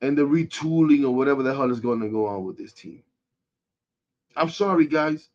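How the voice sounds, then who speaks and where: On his sports podcast, a man rants casually, frustrated and animated, lurching between loud outbursts and mutters. His voice is mid-range, his pace quick, and the audio sounds dull.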